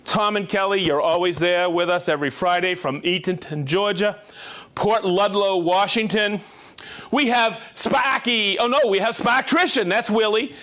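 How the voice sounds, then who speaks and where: A man with a high, bright-sounding voice hosts a live stream in a casual, upbeat manner. He jokes as he greets viewers one after another by name and hometown. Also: moderate pace. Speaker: host of a live-streamed tool show.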